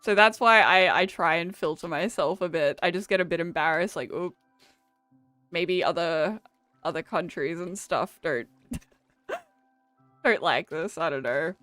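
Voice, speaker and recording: A woman's voice: fairly low pitch, a little slow, bright, forceful tone, no echo, faint music behind. A young Australian woman chatting casually with her viewers while playing a game, laughing often and swearing freely. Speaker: streamer. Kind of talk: casual chat while gaming.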